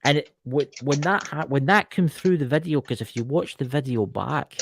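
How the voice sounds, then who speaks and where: A man's voice: on the high side, lively intonation, normal speed, creaky, noisy background. A man with a Scottish accent, a podcast guest telling a story in a chatty way, with many asides. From Scotland. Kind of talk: casual podcast chat.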